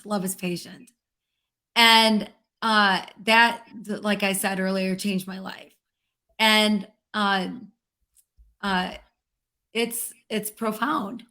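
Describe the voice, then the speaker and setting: A woman interview guest talking in an earnest, reflective way, slowing down to stress key words. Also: mid-range voice, steady tone, bright, forceful tone. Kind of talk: heartfelt interview conversation.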